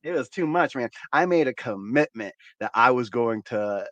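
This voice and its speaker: A man running a cannabis channel chats with viewers on a casual livestream, meandering, repeating words, and swearing without restraint. His medium-pitched voice is expressive and a bit bright, at a moderate pace. The sound is lo-fi, with no room sound.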